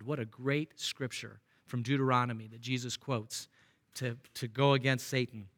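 A man's voice: medium pitch, fairly even intonation, normal speed, a bit bright. A man preaching a sermon, reading scripture and asking the congregation conversational questions. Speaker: pastor.

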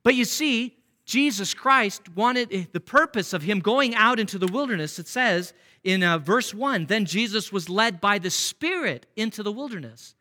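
A man preaching a sermon in a conversational way, reading verses aloud and turning to the congregation with rhetorical questions. His voice sits fairly high for a man and has a bright, forward tone. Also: expressive, moderate pace. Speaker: pastor.

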